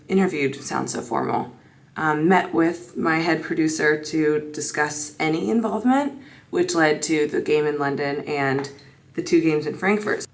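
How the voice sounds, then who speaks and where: Brief: woman in her thirties, a bit low-pitched, chatty and upbeat, vlogging at home on a handheld camera. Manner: chatty and upbeat, hushed at times. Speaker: vlogger and sports broadcaster. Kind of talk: casual vlog chat to camera. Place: home, getting ready in the morning.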